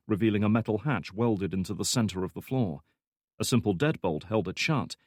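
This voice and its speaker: A man reads a thriller audiobook with a measured, even storytelling delivery. His pitch sits fairly low, and the clean studio recording has no echo. It's scripted narration.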